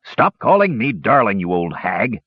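A man's voice: on the low side, very animated, unhurried, husky, dry recording, heavily acted. A man voicing a huge, vengeful male soldier who growls and barks his words in a storybook reading. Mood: growling. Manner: growling, barking, furious. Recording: dull lo-fi recording.

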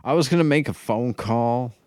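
A man's voice: mid-range voice, normal speed, darkish tone, dry recording, studio quality. A man in rambling casual chat, trailing off and correcting himself. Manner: meandering, trailing off, self-correcting.

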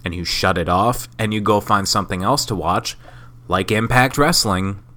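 Sick male podcaster, solo rambling monologue, swears and mocks himself; bright, edgy, low-pitched voice. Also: normal speed. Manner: rambling, profane, self-mocking. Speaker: podcast host.

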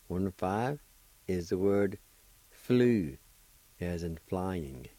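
A man teaching a language lesson on radio, spelling out words slowly and deliberately, syllable by syllable, with an encouraging manner and a Cherokee-speaking Oklahoma accent. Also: low-pitched, expressive, dark tone, no room sound, low-quality recording.

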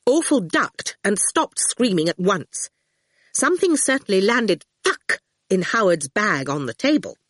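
A woman narrates a novel with expressive storytelling, her pitch bouncing lively through each sentence. She sits close to the mic in a dry, dead studio sound. Her voice is of middling pitch. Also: unhurried, no room sound. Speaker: audiobook narrator. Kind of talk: scripted audiobook narration.

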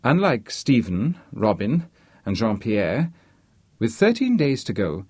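A male narrator reads a novel aloud with an animated, expressive delivery. His voice has a husky grain. The recording is dry and close. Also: on the low side, slow pace, no room sound. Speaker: audiobook narrator.

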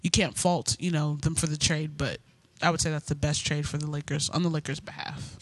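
A man's voice: a little high, little pitch movement, fairly quick. A man co-hosting a casual sports talk show, talking loosely and repeating himself as he makes his points. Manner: loose and rambling, repeats himself, short reactions. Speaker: podcast co-host.

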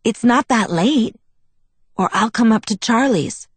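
A woman's voice: mid-range voice, lively intonation, normal speed, husky, dry recording. A woman voicing a moody teenage boy on the phone, scornful and cutting. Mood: eager. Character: young man, moody teen friend, bitter and blunt.

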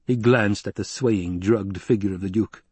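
Husky man narrating a story. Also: lowish voice, darkish tone, no room sound. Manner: measured storytelling. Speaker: audiobook narrator. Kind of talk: scripted narration.

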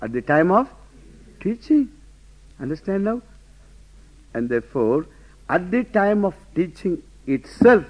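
A man teaching a lecture class, emphatic, often asking rhetorical questions and laughing to himself. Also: high-pitched. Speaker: Vedanta teacher. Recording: dull lo-fi lecture recording.

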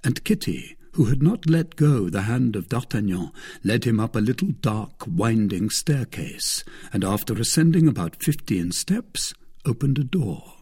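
Breathy, mellow male audiobook narrator. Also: mid-range voice. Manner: expressive, measured reading. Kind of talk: scripted classic novel narration.

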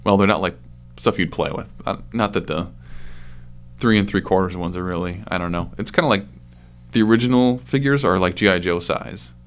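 A man's voice: low-pitched, fairly quick, smooth. A man co-hosting a casual podcast, chatty and joking, reading out news between jokes. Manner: relaxed, joking, puts on silly accents. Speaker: podcast co-host. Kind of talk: casual chat.

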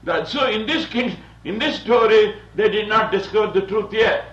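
A man's voice: sits high, normal speed, a bit bright. A man from India giving a digressive, lecture-style sermon as a visiting Bible teacher, often chuckling and saying "you see". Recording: dull, roomy, distant old recording.

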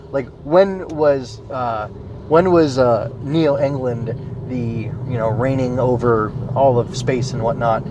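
A man's voice: mid-range voice, dull audio, background noise. A man hosting his own podcast, talking casually and rambling with lots of fillers and restarts. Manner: rambling, many fillers and self-corrections. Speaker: podcast host. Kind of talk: casual solo podcast talk. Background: smooth jazz music.

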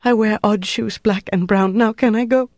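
A woman's voice: medium pitch, steady tone, normal speed, a little mellow, dry recording, highs cut off, pitched above the performer's own voice, close to an everyday voice. A reader voicing an elderly woman prisoner who sobs and begs. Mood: sobbing, pleading. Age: older. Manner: pleading, tearful. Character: elderly woman prisoner, terrified, sobbing and begging.

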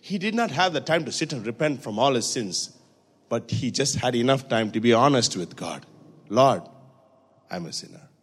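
A man preaching a sermon in a church, swinging from hushed, intimate passages to loud, high-pitched exhortation. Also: expressive, moderate pace, breathy edge. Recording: reverberant church hall.

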